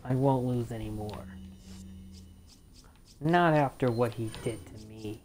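A woman doing let's play commentary, frustrated, cursing and shouting at the game. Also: extremely low pitch, takes it slowly. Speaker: gamer. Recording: noisy background ambience.

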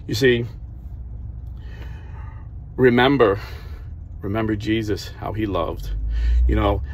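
A man's voice: on the low side, slight background noise. A man hosting a Catholic video, preaching earnestly and telling stories in plain everyday speech. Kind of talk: preaching to camera.

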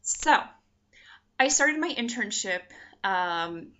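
A woman's voice: mid-range voice, animated, pushed and bright. A young woman telling her own story in a chatty, casual way, full of "like" and acted-out quotes. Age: young adult. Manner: chatty, quick, full of likes and quoted voices. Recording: dull lo-fi sound.

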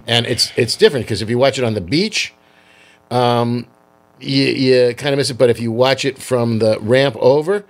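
A man's voice: mid-range voice, moderate pace. An older man co-hosting a podcast, chatting casually and slipping in dry quips. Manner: dry wisecracks, short agreeing replies. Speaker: podcast co-host. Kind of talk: casual chat.

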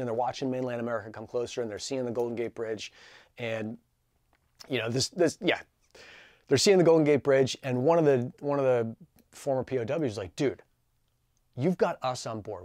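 A man in his forties telling a story in a casual, energetic, chatty way, full of fillers like "like" and "dude". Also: medium pitch, a little fast, no echo, studio quality. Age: 40s. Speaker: channel host.

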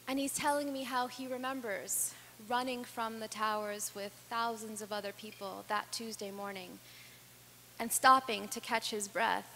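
A woman's voice: a little high, a bit bright. Earnest woman telling stories in a hall. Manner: earnest, dramatic pauses and rising intensity. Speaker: speaker. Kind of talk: personal storytelling speech. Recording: reverberant hall with faint hum.

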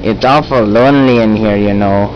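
A man's voice: fairly low pitch, normal speed, muffled recording, slight background noise, voice pushed down, natural voice. A man voicing a strange, lonely male Eskimo with a put-on southern drawl, clingy and secretive, in a home-made comedy film. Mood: wistful.

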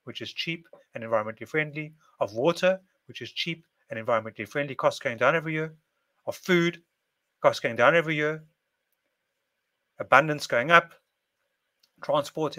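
Bright-voiced man musing to camera. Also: mid-range voice, brisk. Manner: repetitive, list-like phrasing. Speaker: video presenter. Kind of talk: casual monologue to camera.

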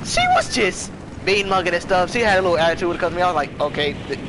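A teenage boy hosting a casual chat, telling a story in animated bursts with loud rants. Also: high-pitched, fast. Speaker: channel host. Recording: noisy home recording.

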